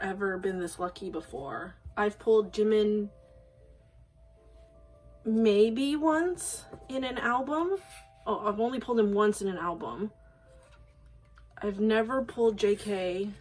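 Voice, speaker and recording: Recorded roughly, this medium-pitched woman is a vlogger opening photocards on camera in a casual, excited way. Her talk is gushing and rambling, shaky with emotion, and full of apologies.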